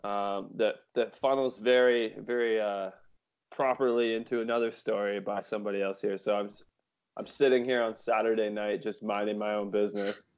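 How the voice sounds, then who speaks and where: A man's voice: lowish voice, level tone, moderate pace, smooth, lo-fi sound. A man hosting a casual podcast over beers, telling a rambling story and swearing freely. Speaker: podcast host.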